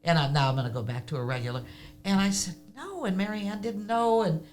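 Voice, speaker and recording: An older woman telling stories in a casual interview, animated and laughing often. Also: mid-range voice, a little fast, soft background music. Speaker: podcast guest.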